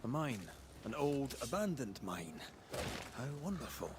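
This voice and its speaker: A man's voice: medium pitch, sing-song, unhurried, slight background noise. An actor playing a cocky adult male fighter in a video game, taunting foes.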